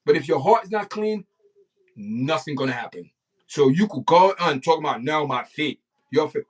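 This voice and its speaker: Man as livestream host, preachy and indignant, slightly raised pitch, a little off the mic. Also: sing-song, brisk, slightly rough, distant mic. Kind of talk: opinionated livestream commentary.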